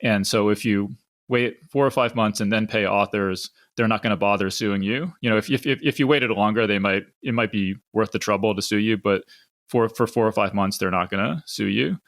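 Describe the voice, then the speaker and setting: Low-voiced man hosting a casual chat. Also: brisk, a bit bright, no echo, clean studio sound. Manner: conversational, frequent restarts and "you know". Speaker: podcast host. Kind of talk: casual discussion.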